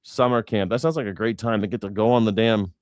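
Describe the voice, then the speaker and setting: A man's voice: on the low side, fairly even intonation, fast talker, smooth. A man hosting a news reaction show, sarcastic and profane in a rambling way. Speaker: host.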